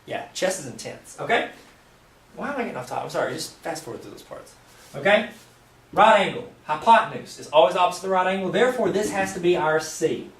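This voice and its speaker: Jokey math teacher guy at the whiteboard, highish voice, roomy sound a bit away from the mic. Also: lively intonation, brisk, a bit bright, distant mic. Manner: playful, jokey asides to the viewer. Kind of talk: joking whiteboard math lesson. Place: room with a whiteboard.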